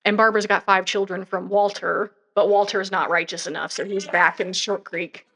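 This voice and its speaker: Her mid-range voice is steady and a bit bright, moving at a moderate pace as she co-hosts a casual true-crime podcast. The young woman retells a story in a rambling way, with many fillers and asides.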